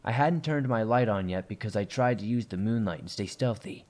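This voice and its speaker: A man narrating a first-person horror story in a steady, tense storytelling manner. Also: fairly low pitch, fairly quick.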